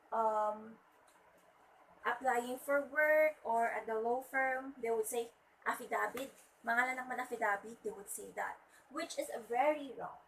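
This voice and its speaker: A woman teacher giving a pronunciation lesson, slowly repeating each word to model its stress. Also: on the high side, a little hiss or hum. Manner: slow and deliberate, repeats words to model stress. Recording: voice from a distance with faint ambience.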